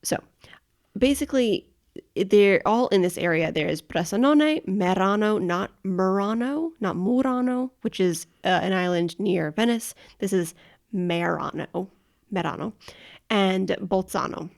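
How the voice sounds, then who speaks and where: A woman's voice: mid-range voice, animated, measured pace, gravelly, darkish tone. A woman co-hosting a casual travel podcast, enthusiastic and informative, often correcting herself. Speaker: podcast co-host. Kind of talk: casual chat.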